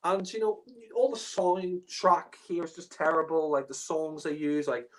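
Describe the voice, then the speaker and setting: A man's voice: fairly high pitch, fairly even intonation, unhurried, a little hiss or hum. A man rants through a casual spoken review in an exasperated, profane way. His talk is loose and full of fillers like "you know" and "like." He breaks into laughter often as he complains.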